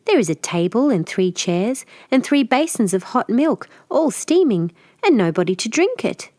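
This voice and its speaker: A woman's voice: fairly high pitch, moderate pace, no room sound. Woman doing a curious little girl, eager and wondering, storybook voice. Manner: lively, wondering.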